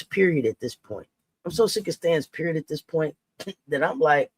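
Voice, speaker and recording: Brief: profane sports commentator, fiery, lively pitch, dry room. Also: brisk, no echo. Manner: fiery, profane, swings from quiet to shouting. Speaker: sports talk host. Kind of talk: heated casual commentary.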